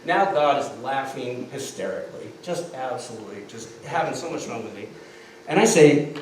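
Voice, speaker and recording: A man in his fifties performs a comic storytelling skit, spinning a tall tale animatedly and laughing often. His mid-range voice moves at a moderate pace, recorded from far off in an echoey room with faint noise.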